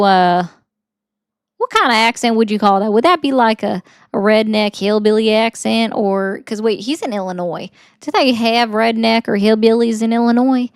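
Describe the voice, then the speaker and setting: A woman putting on a mixed Southern US accent as a joke, talking loud and rambling while she mocks her own attempt. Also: fairly high pitch, clean tone, no echo, studio quality, natural voice. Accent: put-on Southern US. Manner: loud, self-mocking, rambling. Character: woman in a mock Southern drawl.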